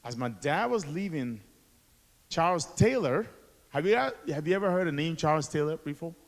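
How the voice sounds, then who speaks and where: A man's voice: on the high side, expressive, normal speed. A man in his forties from Liberia, an author and activist telling his story to a school assembly with rhetorical questions to the audience. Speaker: guest speaker, author and activist. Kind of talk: motivational school assembly speech. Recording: echoey hall.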